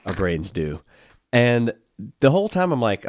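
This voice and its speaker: A man's voice: mid-range voice, sing-song, unhurried, pauses often, no echo, clean studio sound. A man co-hosting a podcast in casual chat, playful and jokey, acting out silly voices. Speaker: podcast co-host.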